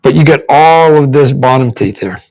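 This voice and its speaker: Thinking aloud as he sketches, a comic book artist gives a relaxed drawing demo, rambling, repeating words, and acting out mouth sounds and faces. His medium-pitched voice is expressive and darkish, at a normal speed, in a rough recording.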